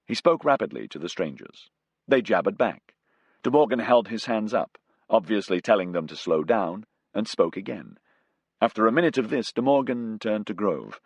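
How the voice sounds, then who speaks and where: Husky, lively male audiobook narrator. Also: on the low side, moderate pace, dry recording. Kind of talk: scripted narration.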